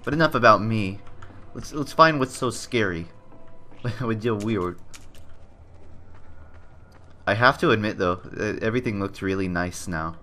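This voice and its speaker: A man's voice: fairly low pitch, unhurried, pauses often, bright, forceful tone. A man giving jokey, sarcastic commentary over game footage as the host of a gaming channel. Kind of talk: gameplay commentary.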